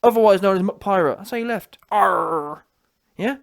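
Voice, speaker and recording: A man's voice: high voice, steady tone, fast, darkish tone. A man hosting a reaction channel, delivering a mocking rant in heavy slang and tagging his points with "yeah?". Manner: taunting, repetitive, slangy, with frequent "yeah?" tags. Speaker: commentary channel host.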